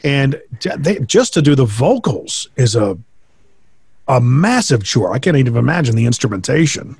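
Halting man with a dry voice. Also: medium pitch, sing-song, creaky, a little mellow, breathy edge, no room sound. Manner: halting, searching for words. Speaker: former radio host, guest on the show. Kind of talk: casual chat. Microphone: video call.

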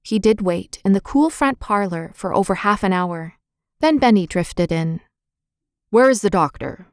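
A woman reading a children's chapter book aloud as narrator, in a clear, steady, expressive storytelling manner. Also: medium pitch, normal speed, no echo, clean studio sound. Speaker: audiobook narrator.

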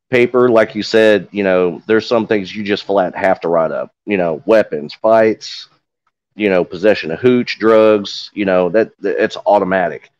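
A man's voice: low voice, darkish tone, no room sound, dull audio. A man with an accent, a corrections veteran speaking plainly on a panel, with many "you know" fillers. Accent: noticeable regional accent. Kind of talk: casual panel talk.

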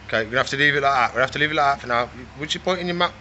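A man's voice: mid-range voice, very fast, hardly any pauses, noisy background. A young man keeping reptiles, chatting casually as he feeds them and coaxes and scolds them in a playful way. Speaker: reptile keeper feeding his animals. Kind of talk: casual vlog narration while working.

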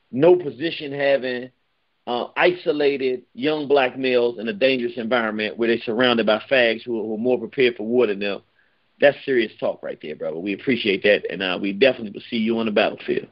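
A man hosting a heated call-in radio show, talking loudly and emphatically, close to yelling. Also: medium pitch, muffled recording. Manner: loud, emphatic, near yelling.

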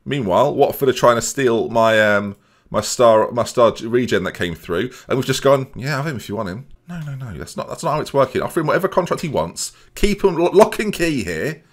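A young man talks through a football management game at a quick clip. His pitch leaps up and down as he jokes, grumbles and speaks straight to his viewers, sarcastic and rambling throughout. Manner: sarcastic, rambling, addresses viewers, silly voices. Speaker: gaming YouTuber. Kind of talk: comedic game commentary.

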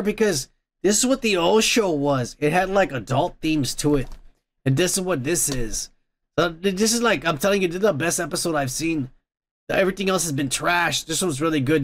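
A high-voiced man hosting a casual podcast retells a cartoon episode, rambling excitedly. He swears constantly and piles on fillers as he goes.

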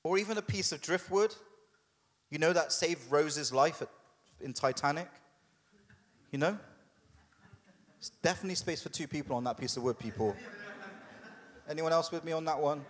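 A man preaching a sermon as a pastor, conversational and humorous, putting on quick voices for the people in his story. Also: a little high, in a large hall. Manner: conversational and humorous, with quoted asides. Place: church hall.

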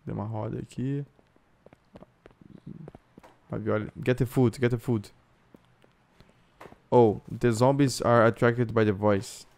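A man with a Brazilian accent giving live gameplay commentary, switching into excited voice-chat calls, loud outbursts and cursing. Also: medium pitch, measured pace, vocal fry, pauses often. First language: Brazilian Portuguese. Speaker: gaming YouTuber.

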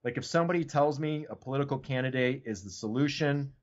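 Man, podcast guest, casual chat, middle-pitched voice, rambling and profane, muffled lo-fi sound. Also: fast. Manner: loose, profane, fills speech with "like" and "you know what I mean".

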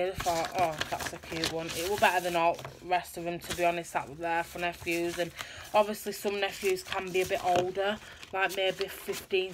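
A young woman vlogger talks through a shopping haul at home in a loose, rambling show-and-tell chat. Her voice is fairly low in pitch, and background noise can be heard.

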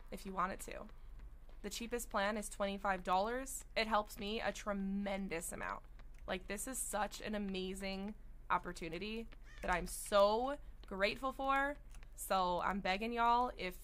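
A young woman streaming a game, chatting excitedly with viewers and breaking into sing-song outbursts. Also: medium pitch, slight background noise. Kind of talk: live gameplay commentary. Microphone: studio desk mic.

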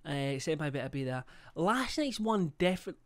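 A man's voice: fairly high pitch, big pitch swings, moderate pace. Sweary young man streaming a game. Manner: chatty, swears a lot, reads out chat. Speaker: livestreamer. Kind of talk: casual live-stream chat.

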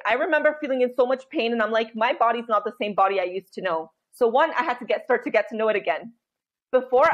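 A high-pitched woman in her thirties, chatting candidly as a podcast guest. She tells her story with animated energy and acts out her own thoughts in quoted asides. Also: muffled recording. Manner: animated storytelling, frequent laughter and quoted inner voice.

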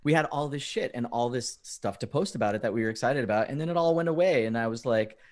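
A man telling funny stories as a podcast guest, animated and often laughing as he acts out quoted messages. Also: mid-range voice, quick pace. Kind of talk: casual storytelling chat.

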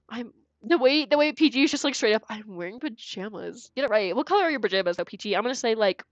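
A woman's voice: fairly high pitch, animated, fast, dry recording, lo-fi sound. A young woman streaming a video game, chatting casually and giggling while she plays and talks to her chat. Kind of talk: casual gameplay commentary. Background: faint game music.

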